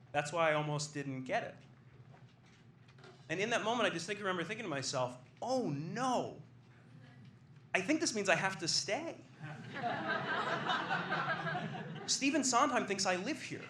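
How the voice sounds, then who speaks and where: A young man telling a comic personal story live on a club stage into a stage microphone, animated and rising into excited bursts. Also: on the high side. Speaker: stand-up storyteller. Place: comedy club stage with audience. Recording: echoey live room, faint background noise.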